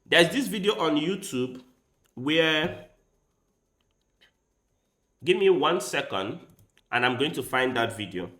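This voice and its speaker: A man's voice: fairly high pitch, lively intonation, takes it slowly, pauses often, sharp tone. A man chatting casually with his livestream viewers, rambling and speaking straight to them. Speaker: chess streamer. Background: faint background music.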